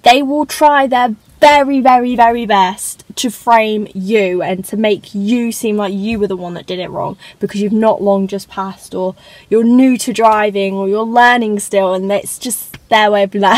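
A teenage girl vlogs a car tour from inside her parked car, rambling and chatting casually with self-conscious asides. Her medium-pitched voice is expressive at normal speed, and the recording is rough.

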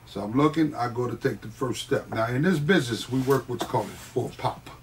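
A man telling stories from his wrestling career in a casual interview, animated and often laughing. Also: medium pitch, fairly quick, distant mic, a little hiss or hum. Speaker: guest, wrestler.

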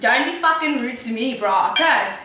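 A woman's voice: sits high, lively intonation, normal speed, bright, forceful tone, recorded from a distance. A woman performing in a comedy skit, bickering in a brash, foul-mouthed way. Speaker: sketch performer. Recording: echoey room, faint noise, off-mic.

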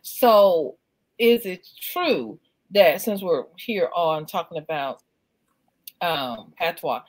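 A woman hosting a casual conversation, speaking in a relaxed, reflective way. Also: fairly low pitch, takes it slowly, poor audio. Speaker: host.

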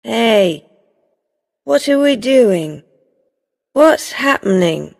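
A woman's voice: a little high, lively intonation, extremely slow, vocal fry, darkish tone, pitched above the performer's own voice, full character voice. A woman voicing a drunk, red-faced man who is angry and confused in a storybook reading. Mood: drunk bluster. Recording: long reverb.

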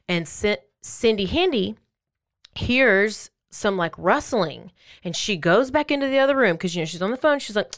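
Smooth-voiced woman telling a crime story. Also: medium pitch, normal speed. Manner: animated, acts out quotes in playful voices. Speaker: podcast host. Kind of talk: casual true-crime storytelling.

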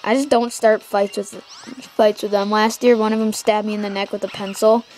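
A teenage girl hosting gameplay commentary from home, rambling excitedly and trash-talking the game. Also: mid-range voice, moderate pace, soft background music. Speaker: let's play host.

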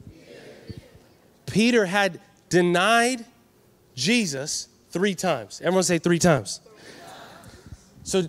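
High-voiced energetic preacher man. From California. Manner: energetic, call-and-response with the crowd. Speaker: youth conference preacher. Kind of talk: sermon. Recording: reverberant hall.

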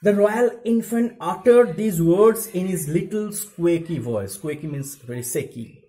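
This high-pitched, mellow male voice moves at an unhurried pace, captured in a rough recording. He is an English teacher with an Indian accent who reads a story passage aloud and then paraphrases it for students, using many fillers, as part of a recorded literature lesson.

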